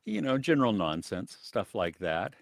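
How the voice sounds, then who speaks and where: Lively, laughing stream co-host man. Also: lowish voice, moderate pace, vocal fry, dry recording. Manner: animated, laughs often, reads chat names. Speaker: co-host of a movie chat stream. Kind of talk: casual live-stream chat.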